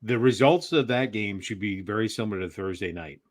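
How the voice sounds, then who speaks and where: A middle-aged man co-hosting a sports talk show, explaining his view in a measured way with many "you know"s. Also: fairly low pitch. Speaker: co-host, the host's father.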